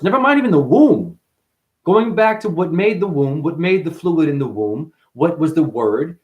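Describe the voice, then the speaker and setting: Man rambling loudly, then muttering. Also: fairly high pitch. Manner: free-associating, profane, swings between loud bursts and mutters. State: in chronic pain. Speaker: spiritual talker. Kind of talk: rambling spiritual monologue.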